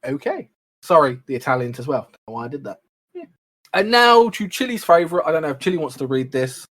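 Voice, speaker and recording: A man with a slightly high voice that swings up and down a great deal as he jokes through game patch notes. He laughs at his own asides, and his casual podcast chatter stays lively. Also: fast talker. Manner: joking, reads patch notes aloud, lively. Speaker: podcast co-host. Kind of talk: casual gaming chat.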